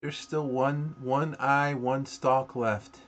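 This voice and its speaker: A man narrating as game master in a relaxed, descriptive way. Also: mid-range voice, slow.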